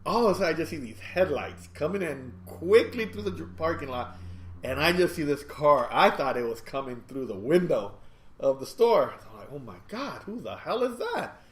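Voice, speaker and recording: A man hosting a podcast from his store, telling rambling, animated anecdotes in casual chat. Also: a little high, normal speed. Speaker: podcast host and store owner. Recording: echoey room.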